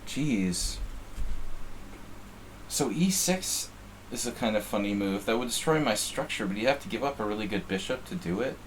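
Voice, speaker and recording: A man's voice: on the low side, a little fast, few pauses, a little hiss or hum. Casual man streaming chess. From New Jersey, USA. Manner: casual, thinks aloud, repeats words while musing. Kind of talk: live-stream chess commentary.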